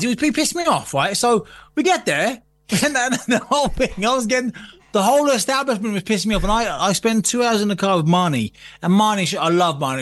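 A man's voice: sits high, a bit bright. A man telling a long sweary anecdote in casual conversation, laughing often. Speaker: podcast guest. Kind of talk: casual storytelling chat.

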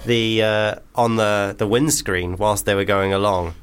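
A man's voice: on the low side, fairly even intonation, a little slow, clear, resonant tone. A man, co-hosting a casual comedy radio show and telling rambling, self-mocking stories in a studio.

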